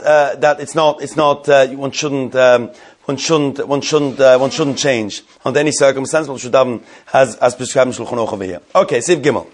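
Man teaching a halacha class, fillers. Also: on the high side. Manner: questioning, thinking aloud with many fillers. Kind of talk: Talmudic-style halacha class.

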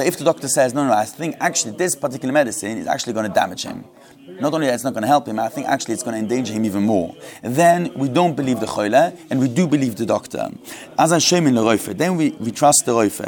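A man's voice: mid-range voice, darkish tone. Man teaching a halacha class. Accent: Ashkenazi Hebrew pronunciation. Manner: repeats and restarts words, asks rhetorical questions. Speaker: Torah teacher.

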